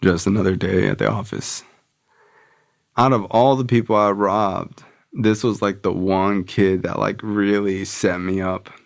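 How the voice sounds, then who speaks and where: A man's voice: fairly low pitch, steady tone, measured pace, vocal fry. A man speaking as a podcast guest, telling a story in a loose, casual way. He talks with plenty of filler and swearing, and he acts out the dialogue he is recounting. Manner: loose and profane, heavy on filler "like" and "bro", acts out quoted dialogue.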